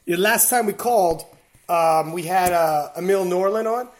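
A man hosting a podcast, telling stories in casual chat, swearing freely and acting out shouted quotes. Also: sits high, normal speed, a crowd in the background. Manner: animated storytelling, acts out shouted quotes. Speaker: podcast host.

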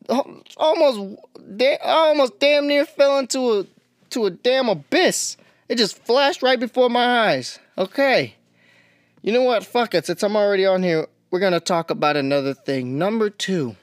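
A woman's voice: fairly high pitch, expressive, moderate pace, no echo, studio quality. A woman hosting a podcast, ranting bluntly with heavy swearing and exasperation. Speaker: podcast host. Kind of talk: ranting monologue.

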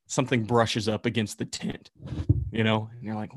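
A man casually telling a camp story on a podcast, animated and swearing as he builds suspense. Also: lowish voice, brisk, no room sound, studio quality.

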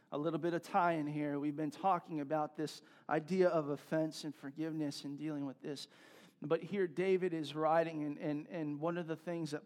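A male pastor preaching a sermon in a conversational way, repeating himself and building to emphatic peaks. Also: fairly high pitch.

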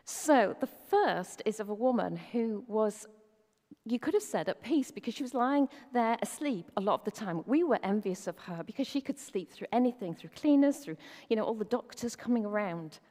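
A woman preaching a sermon in an easy, conversational way, with rhetorical questions tossed to the congregation. Her voice sits fairly high but sounds mellow and soft-edged. It rings out with a long reverb, as if in a large hall. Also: lively intonation, moderate pace.

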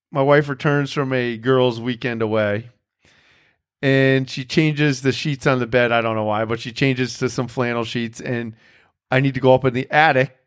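A man's voice: medium pitch, clear, resonant tone. A man hosting a podcast in casual chat, telling a rambling, profane story with self-mocking laughs. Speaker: podcast host.

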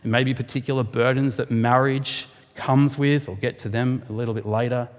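A man's voice: mid-range voice, a little fast. Man preaching in a reverberant hall. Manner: animated preaching, rising sharply for emphasis. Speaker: pastor. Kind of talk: sermon.

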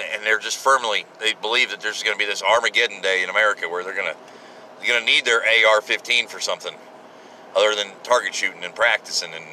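A blunt man in his forties rambles through a solo podcast monologue, swearing freely and restarting his sentences. His voice is very bright and forceful, with a hard, sharp edge. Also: mid-range voice, slight background noise, low-quality recording. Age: 40s. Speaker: podcast host.

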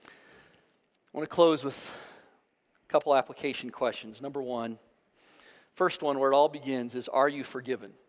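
A man's voice: mid-range voice, fairly even intonation, normal speed, long pauses, big-room sound. A male pastor giving an earnest, emphatic sermon. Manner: earnest, emphatic, preaching with strong rising stresses.

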